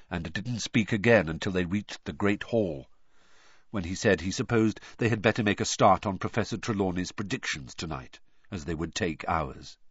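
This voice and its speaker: Male audiobook narrator, lower voice, husky, animated delivery. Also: no echo. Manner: measured, lively storytelling. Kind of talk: scripted narration. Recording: dull dry recording.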